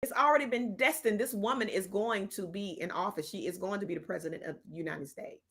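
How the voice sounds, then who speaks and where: A woman's voice: mid-range voice, quick pace, a bit bright, breathy edge. A woman hosting a casual political livestream, reading viewer chat and answering it bluntly with slangy sass. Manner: sassy and blunt, slangy talk with "child", "honey", "okay?". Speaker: host of a live political talk stream.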